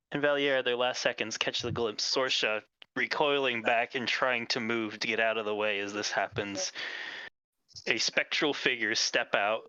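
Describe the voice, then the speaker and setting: A man's voice: mid-range voice, bright, forceful tone, smooth, no room sound, muffled recording. A man running a tabletop game as game master, describing scenes and calling for dice rolls.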